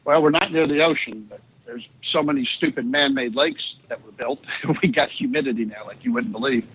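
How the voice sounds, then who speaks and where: A man's voice: medium pitch, fairly quick, slight background noise. A man from Texas, calling in to a talk show and chatting in an easygoing, wry way. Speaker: caller, guest professor. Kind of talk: casual phone-in chat. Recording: husky, dull phone line.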